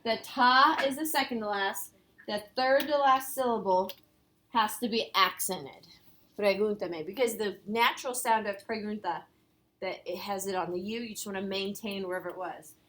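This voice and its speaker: A woman's voice: mid-range voice, moderate pace, bright, forceful tone. A woman teaching a casual review lesson, explaining step by step and quizzing her students. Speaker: Spanish teacher.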